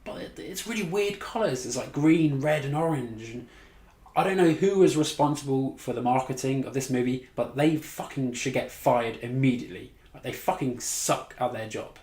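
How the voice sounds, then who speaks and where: Male reviewer, casual sweary rant, mid pitch, echoey room. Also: moderate pace, a little mellow. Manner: blunt, sweary, exasperated, laughs at his own mockery. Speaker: movie reviewer. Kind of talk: casual ranting movie review.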